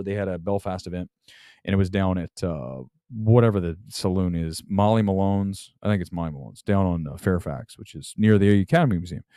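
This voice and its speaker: A man's voice: fairly low pitch, no room sound, clean studio sound. A man hosting a talk show, ranting in rambling, sarcastic casual chat. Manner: rambling, animated rants with sarcastic asides. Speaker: podcast host.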